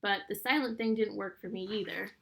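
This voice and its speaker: A woman's voice: mid-range voice, steady tone, brisk, gravelly, a bit bright. A woman voicing a blunt, practical girl teammate in a matter-of-fact way.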